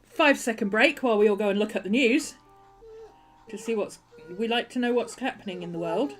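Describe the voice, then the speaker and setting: Woman chatting on her craft stream, kinda high voice, greets everyone by name, a little music going quietly behind. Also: fairly quick. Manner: soft and coaxing when talking to her dog. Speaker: livestream host. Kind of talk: casual live-stream chat while crafting.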